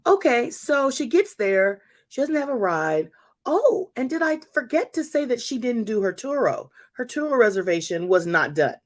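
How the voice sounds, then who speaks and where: A woman in her fifties giving a lively testimony to a congregation as a church speaker and host, talking straight to her audience. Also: on the high side, normal speed. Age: 50s.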